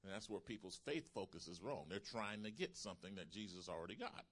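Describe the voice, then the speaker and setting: A man preaching a sermon, retelling a healing testimony and building to loud, emphatic calls to the congregation. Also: low voice, sing-song, brisk.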